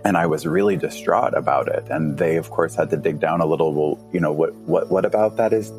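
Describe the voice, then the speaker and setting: A man tells a story on a podcast in a low, lively voice. He laughs often and leaps up in pitch when he acts out his younger self. Faint music plays behind him. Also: fairly quick, vocal fry. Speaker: podcast guest. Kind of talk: casual storytelling.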